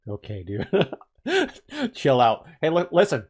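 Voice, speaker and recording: A man casually commenting on a video game as he plays, joking and animated, often laughing. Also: mid-range voice, slow, husky. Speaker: gaming channel host. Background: faint game music.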